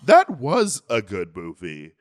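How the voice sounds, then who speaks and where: A man's voice: medium pitch, wildly swooping pitch, slow pace. A man co-hosting a podcast, chatting about pop culture in a playful, enthusiastic way with frequent laughter. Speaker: podcast co-host. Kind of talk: casual pop-culture chat.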